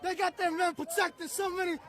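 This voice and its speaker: Man, protester, angry, shouting, very high pitch, outdoor street. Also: flat delivery, brisk. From outside the United States. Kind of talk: impassioned street interview. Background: crowd.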